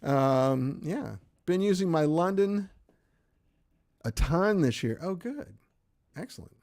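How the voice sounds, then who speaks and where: A middle-aged American man hosts a livestream, taking it slowly in a voice on the high side with lively intonation and a darkish tone. He chats loosely and self-deprecatingly while reading and answering viewer comments.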